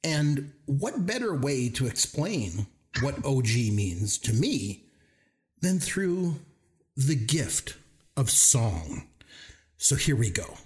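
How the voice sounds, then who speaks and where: Brief: middle-aged male co-host, playful dad-joke type, lively pitch. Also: slow pace. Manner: jokey, playful, tells dad jokes. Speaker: podcast co-host. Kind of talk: casual chat.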